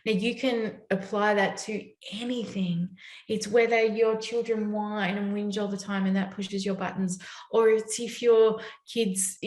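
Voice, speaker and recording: A woman giving a conversational parenting talk, often asking "right?" to check in with her listeners. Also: medium pitch. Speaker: parenting educator. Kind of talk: summit talk. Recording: roomy echo.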